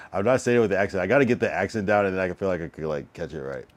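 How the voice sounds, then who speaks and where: A man with a very low voice talks casually on a livestream. He practices a phrase over and over, often half-muttering. He keeps asking himself how to get the sound right. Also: fairly quick. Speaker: streamer.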